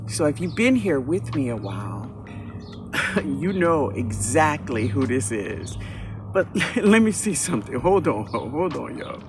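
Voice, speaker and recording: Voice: mid-range voice, very animated, measured pace, music in the background. A home gardener with a New Orleans accent, giving a casual, enthusiastic walk-through of their own backyard garden and often addressing viewers as "y'all.". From New Orleans, USA. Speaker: home gardener, channel host.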